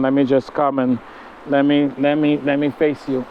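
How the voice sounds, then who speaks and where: A man's voice: medium pitch, flat delivery, normal speed, dull audio, a little hiss or hum. A man talking casually to camera on an outdoor deck, meandering, with many fillers. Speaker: spiritual vlogger. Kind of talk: casual spiritual vlog.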